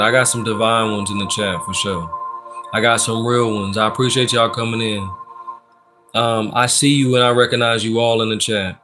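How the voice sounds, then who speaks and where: Male tarot streamer, easygoing and slangy, medium pitch, chatting over steady background music. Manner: laid-back and slangy, reads out chat and gives shout-outs. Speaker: tarot reader and live streamer. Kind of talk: casual live-stream tarot reading.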